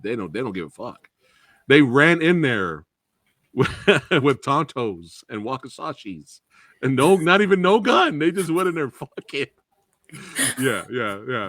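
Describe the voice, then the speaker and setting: A man hosting a casual film review chat, excitable and swearing freely. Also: mid-range voice, no echo, clean studio sound. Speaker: podcast host and film reviewer.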